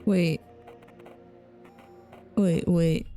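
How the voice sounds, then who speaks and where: A woman's voice: medium pitch, slow, dark tone, faint music behind. A woman streaming a game, chatting playfully with viewers and laughing often. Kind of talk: casual game commentary.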